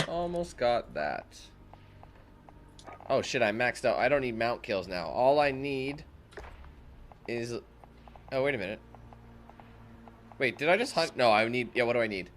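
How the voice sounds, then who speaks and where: A man's voice: medium pitch, background noise. A young man hosting casual gameplay commentary, rambling and chatty with lots of fillers. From Canada. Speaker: gaming channel host.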